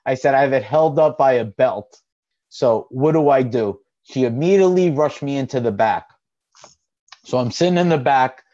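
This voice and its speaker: A man's voice: medium pitch, moderate pace, dark tone. Rambling man telling a story, lo-fi. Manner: rambling, laughs and restarts often. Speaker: channel host. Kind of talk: casual storytelling.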